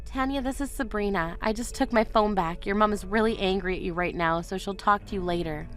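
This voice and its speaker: A woman's voice: medium pitch, fairly quick, a bit bright, faint music behind, lightly acted. A woman voicing a wronged young bride in a texting story, indignant and firm. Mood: cold.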